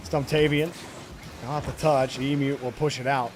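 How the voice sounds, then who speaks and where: A man's voice: mid-range voice, little pitch movement, normal speed, noisy background. A man casting a live video game match, chatting and giving play-by-play. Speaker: esports caster. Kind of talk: live game commentary and chat.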